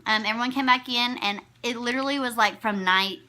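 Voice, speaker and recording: A woman's voice: on the high side, fairly quick, sharp tone, slight background noise. A young woman in her twenties, a new mother, telling her story to the camera in a chatty, rambling way, often correcting herself.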